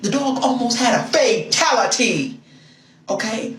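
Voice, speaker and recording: A young woman telling a story casually in an animated, sassy way, acting out the quotes. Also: a little high, measured pace, echoey room, recorded from a distance, slight background noise, rough recording.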